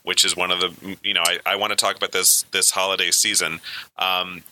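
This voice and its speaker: Man, podcast co-host, lowish voice, very bright and sharp, animated pitch, playful. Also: brisk, a little hiss or hum, rough recording. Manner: lively, animated, playful asides. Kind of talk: casual movie chat.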